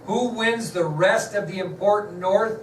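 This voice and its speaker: A man's voice: sits high, a little slow. A middle-aged man teaching a class, chatting directly with his students as he recounts a story. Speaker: history teacher. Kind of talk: classroom lecture with a personal story. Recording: echoey classroom from far off, noisy.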